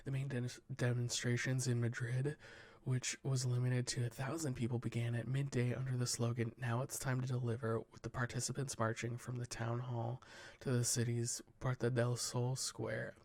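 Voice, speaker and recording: Soft-spoken gravelly man reading news. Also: medium pitch, completely flat delivery, moderate pace, dry recording. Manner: soft-spoken, dry, jokey asides, stumbles over words. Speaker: ASMR news reader. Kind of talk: whispered news reading with asides.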